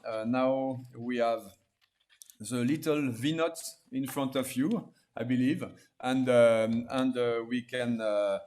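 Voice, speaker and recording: Man, host, halting delivery, many fillers, video call. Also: mid-range voice, a little mellow. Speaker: host of an online wine tasting. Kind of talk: hesitant live presentation.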